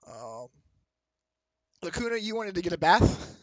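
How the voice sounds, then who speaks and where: A man's voice: sits high, big pitch swings, a little slow, no echo, poor audio. Laid-back male game master. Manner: casual, laid-back, with fillers. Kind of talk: narrating a tabletop game.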